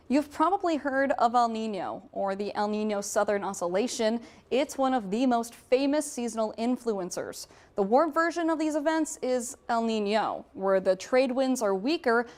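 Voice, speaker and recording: A young woman, a TV weather anchor and field reporter, explaining forecasts in an upbeat broadcast manner. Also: fairly high pitch.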